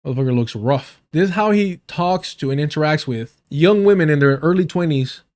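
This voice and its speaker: Give me a man from the US hosting a livestream and picking apart a political debate. He rants in a heated, profane, sarcastic way, and his voice sits a little higher than most men's. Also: lively intonation, fairly quick, darkish tone. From United States. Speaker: political commentary streamer.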